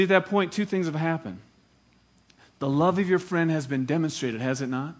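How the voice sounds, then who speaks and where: A man's voice: on the high side, moderate pace. A male pastor preaching a sermon, emphatic and dramatic in storytelling.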